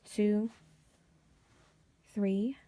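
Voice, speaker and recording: A woman hosting a casual sewing tutorial, chatty and drifting into quiet whispered asides as she works. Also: medium pitch, fairly even intonation, drawn-out words. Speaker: DIY sewing vlogger.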